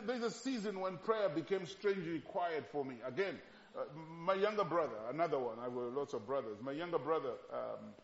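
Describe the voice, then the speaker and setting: A man preaching a sermon as pastor, passionate, moving from loud pleading to quiet reflection. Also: on the high side. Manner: impassioned, swings from loud pleading to hushed reflection. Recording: echoey hall, dull lo-fi sound.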